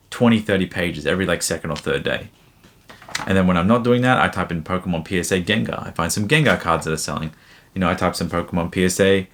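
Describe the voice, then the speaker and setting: A young man with a low voice talks through viewer questions in a loose, unscripted way. He rambles, restarts his sentences and leans on fillers as he explains things. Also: fairly bright tone. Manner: rambling, frequent fillers and self-corrections. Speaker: card seller answering viewer questions. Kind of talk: casual Q&A.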